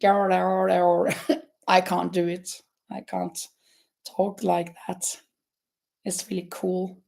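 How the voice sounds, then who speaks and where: Slow, chatty woman crochet streamer. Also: on the low side, little pitch movement, creaky, darkish tone. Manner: slow, chatty, many fillers and restarts; laughs often. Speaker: crochet livestream host. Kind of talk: casual livestream chat with viewers.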